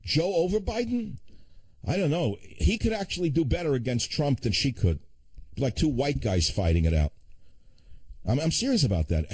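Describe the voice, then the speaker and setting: An older man hosting a talk radio show, ranting fast with sarcastic asides. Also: on the high side, a little mellow, slightly rough, no room sound.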